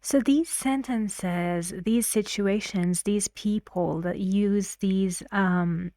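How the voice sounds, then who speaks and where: Slow, careful woman teaching intonation. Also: medium pitch, warm tone, no room sound, clean studio sound. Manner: slow, repeats phrases to model intonation. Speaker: English teacher. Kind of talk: intonation lesson, explaining clips.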